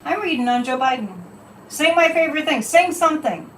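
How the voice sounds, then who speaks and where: A woman with a high voice, speaking a little fast, hosts a livestream psychic reading in a casual, animated, emphatic style, repeating phrases to drive her points home. She is off mic in an echoey room with faint background noise.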